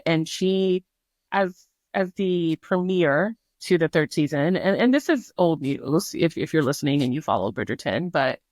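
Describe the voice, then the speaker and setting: A woman on a podcast speaks candidly and chattily, with a voice pitched a little low. She curses without fuss and loops back on her thoughts. The sound is dry and close, with no room around it. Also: lively intonation, measured pace, a little mellow, dry recording. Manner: candid, chatty, swears freely, many fillers and restarts. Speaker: podcast guest. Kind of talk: casual chat.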